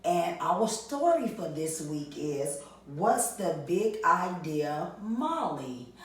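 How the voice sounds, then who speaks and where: Slow echoey woman teaching young kids. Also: lowish voice, very animated. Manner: sing-song, asks questions and answers them herself. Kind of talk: classroom lesson for young children. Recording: distant mic, very echoey room.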